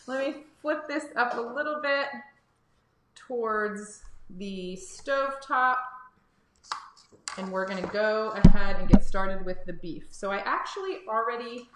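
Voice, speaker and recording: A woman's voice: on the high side, takes it slowly, reverberant, noisy background. A woman hosting a live cooking lesson for kids from a home kitchen, chatty and encouraging as she talks to viewers. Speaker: cooking teacher and livestream host. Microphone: phone or camera on livestream.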